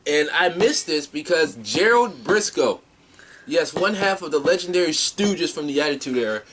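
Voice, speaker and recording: A man's voice: fairly high pitch, expressive, moderate pace, fairly bright tone. A man co-hosting a podcast, chatting casually through a wrestling recap and swearing now and then. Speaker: podcast co-host.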